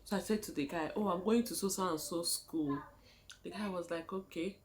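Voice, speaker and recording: A woman's voice: lowish voice, a little fast, slight background noise. A young Nigerian woman with a Nigerian accent, telling a casual story to her viewers, laughing often and calling them guys. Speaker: vlogger.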